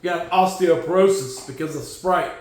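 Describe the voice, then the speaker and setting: A man with a high voice talks football news in a loose, sarcastic way, jumping from loud jabs to muttered asides. His voice rings around a very echoey room. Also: moderate pace. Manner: sarcastic, joking, swings between loud outbursts and low mutters. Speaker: podcast host. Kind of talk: casual sports commentary.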